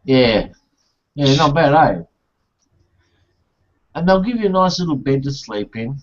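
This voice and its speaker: A man's voice: expressive, measured pace. A man hosting a casual chat, joking around and rambling through stories, swearing often. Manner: rambling, swearing storyteller, jokey. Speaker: host. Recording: muffled low-fidelity audio.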